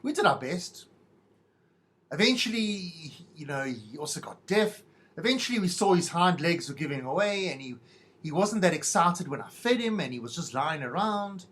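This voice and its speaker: A man's voice: fairly high pitch, sing-song, moderate pace, a bit bright. A middle-aged man hosting a podcast, telling a rambling, self-mocking monologue in a wry, stop-start way. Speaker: podcast host.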